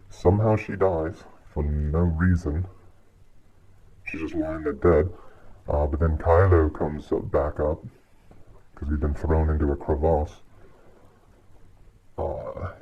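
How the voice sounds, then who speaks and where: A man's voice: sits low, slightly rough. A man giving a casual, exasperated movie rant on his channel, swearing often and sighing between points. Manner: exasperated, profane, frequent sighs. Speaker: video creator reviewing a movie. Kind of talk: casual ranting commentary. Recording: dull lo-fi audio with faint hiss.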